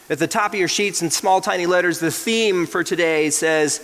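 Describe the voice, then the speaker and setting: A man's voice: a little high, a little fast, fairly bright tone, long reverb tail. A male pastor preaching a sermon, reading scripture aloud and explaining it verse by verse.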